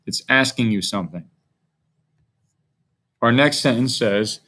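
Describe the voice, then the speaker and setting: A man's voice: medium pitch, a little slow, long pauses, sharp tone. A man teaching a grammar lesson to young children, speaking in a patient, friendly way.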